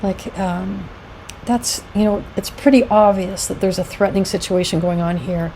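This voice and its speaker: A middle-aged woman presents an educational talk in a loose, conversational way, full of fillers and acted-out quotes. Her voice is mellow and soft-edged, set at an ordinary middle pitch. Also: fairly even intonation, moderate pace, a little hiss or hum, low-quality recording. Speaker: founder of a domestic abuse support group, presenter.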